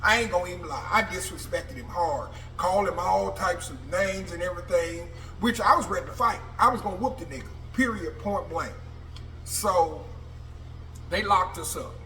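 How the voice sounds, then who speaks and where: High, bright-voiced man telling a story. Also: normal speed, faint music behind. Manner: animated, profane, acts out quoted people. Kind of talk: casual personal storytelling. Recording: roomy, distant mic with faint noise.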